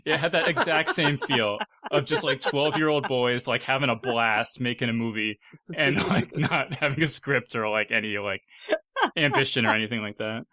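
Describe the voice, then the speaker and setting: A man's voice: medium pitch, normal speed, pushed and bright, dry recording. A man hosting a casual panel podcast, chatty and full of fillers, laughing often as he talks. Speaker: podcast host.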